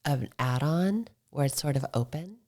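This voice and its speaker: Guesting on a casual podcast, a middle-aged motorcycle club founder speaks at a moderate pace in a strikingly low voice. She tells her stories in an easygoing, chatty way, voicing other people's words and occasionally dropping to a soft whisper.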